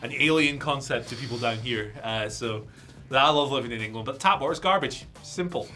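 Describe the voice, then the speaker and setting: A Scottish man co-hosting a casual news chat, trading dry jokes in a bright, forward voice that is a touch froggy from a cough. His delivery is plain and conversational, with faint music sitting quietly behind him. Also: mid-range voice, fairly quick. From Scotland. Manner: dry, joking banter. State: slight cough, a bit froggy. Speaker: wrestling news co-host.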